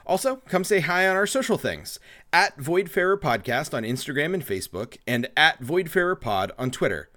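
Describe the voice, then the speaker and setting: A man's voice: on the high side, very animated, normal speed, pushed and bright. A man narrating as dungeon master of a tabletop role-play podcast, telling the scene and talking with players.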